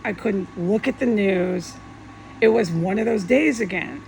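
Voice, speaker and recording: A woman with a gravelly, creaky voice rambles through a monologue, agitated and swearing in heated outbursts. A faint air conditioning hum sits under her voice. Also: medium pitch, a little slow, a little mellow, poor audio. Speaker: vlogger.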